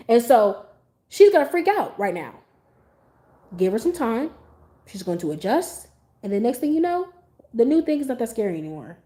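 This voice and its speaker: A young adult woman hosting a podcast, talking in a casual, blunt and animated way and swearing freely. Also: high voice. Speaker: podcast host. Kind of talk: casual opinion monologue.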